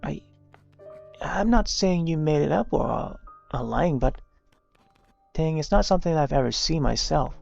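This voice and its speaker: A streamer playing a gentle, worried mother. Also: medium pitch, animated, a little slow, vocal fry, pauses often, highs cut off, soft background music, full character voice. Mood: soothing.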